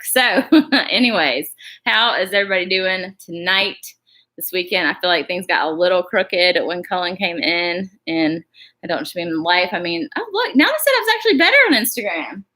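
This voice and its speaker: A woman's voice: on the low side, animated, normal speed, sharp tone. A woman, chatting casually and rambling on a live stream, reading viewer comments aloud and calling them y'all.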